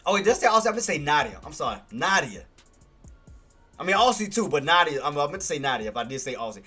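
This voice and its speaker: Excited man with a bright voice. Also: fairly high pitch, racing, breathy edge, soft background music. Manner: excited, repetitive shout-outs to viewers. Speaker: stock trading streamer. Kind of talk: casual livestream recap.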